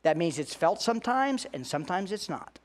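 A man with a notably high voice delivers a Sunday sermon as a pastor. He preaches earnestly, slowing down and lifting his voice to drive home each point. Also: very animated. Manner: earnest preaching, slows and rises for emphasis.

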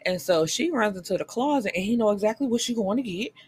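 A woman talks through a book review in a loose, unscripted way, blunt and candid with plenty of swearing. She retells the plot with animated quoted lines, and her voice sits at an ordinary middle pitch. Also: fast talker, slightly rough. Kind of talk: casual book review chat.

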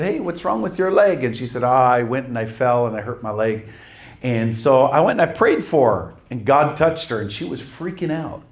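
During his sermon, a medium-pitched male preacher reads scripture aloud, then shares a spirited testimony full of brief laughter and forceful side remarks.

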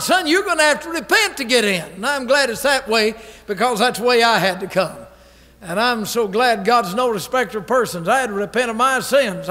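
A pastor preaching a fiery revival sermon, forceful, stern and emphatic, from an old radio broadcast. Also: male voice, extremely high pitch. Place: church sanctuary. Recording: reverberant church hall on old radio broadcast.

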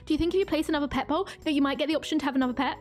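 A woman streamer giving excitable, giggly live commentary while playing a game. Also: sits high, very fast, soft background music.

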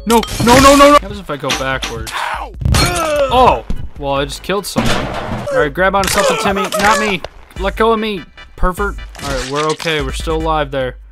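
A man commentating a game casually, excitable, swearing, laughing and yelping apologies to the characters. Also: on the high side, fairly quick, over loud music. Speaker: gaming YouTuber. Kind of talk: casual let's play commentary.

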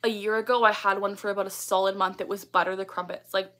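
Young woman rambling chattily on her livestream, bright voice, lots of ums. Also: medium pitch, flat delivery, a little fast. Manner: chatty, many ums and likes, laughs often. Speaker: livestream host. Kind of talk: casual livestream chat reading comments.

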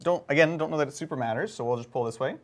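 A man's voice: on the high side, rapid-fire. A man playing a tabletop wargame, chatting casually and playfully and tossing in goofy little sound effects. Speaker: wargame player. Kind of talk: casual tabletop battle report chat.

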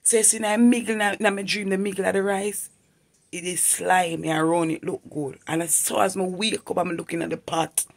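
A man giving an earnest personal testimony, repeating himself and bursting into loud emphatic exclamations. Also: sits high, vocal fry. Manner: earnest, repetitive storytelling in creole-inflected English. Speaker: vlogger.

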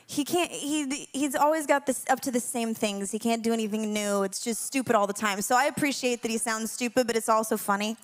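A young woman leading a spoken prayer and then telling a personal story to a congregation, chatty and candid, laughing often. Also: a little high. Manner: hushed and slow in prayer. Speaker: worship leader speaking to a congregation.

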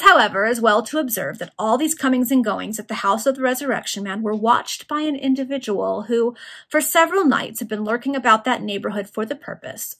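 A woman's voice: fairly high pitch, creaky, a bit bright. A woman casually reading a Victorian novel aloud, unpolished, to a group of friends. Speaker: reader.

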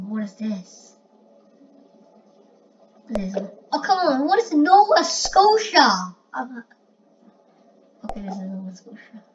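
A woman giving casual gameplay commentary, excitable and prone to loud exclamations. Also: mid-range voice. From India. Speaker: gamer. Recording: muffled lo-fi recording with faint hiss.

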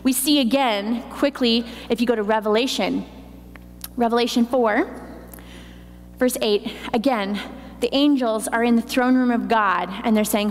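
A woman's voice: fairly high pitch, unhurried. A woman preaching a sermon in a church, teaching with emphatic repetition. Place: church hall. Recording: long hall reverb, faint noise.

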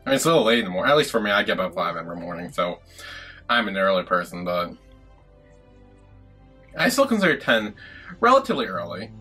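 A man giving casual, animated reaction commentary while he watches a show. He swears freely and breaks into laughing asides. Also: sits low, fast talker, long pauses, husky, faint music behind. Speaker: reaction video host.

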